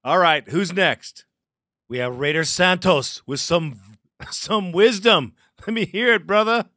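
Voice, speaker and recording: A man hosts a fan call-in show, talking slangy and loose. His voice sits a bit high and bright. The sound is dry and close. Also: measured pace, dry recording. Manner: animated, slangy, laughs often. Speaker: fan radio show host. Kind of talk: casual fan call-in chat.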